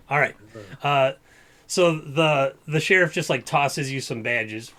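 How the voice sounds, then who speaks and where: A man's voice: mid-range voice, slow, bright, forceful tone. A man acting as game master, narrating in a loose, laughing way with lots of fillers.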